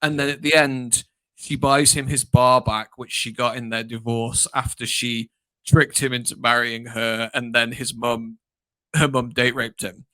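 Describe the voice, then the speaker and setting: Animated man in dry casual podcast chat. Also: mid-range voice, measured pace, no room sound. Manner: animated, laughing, puts on voices when retelling scenes. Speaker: podcast co-host. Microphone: home mic on a stream.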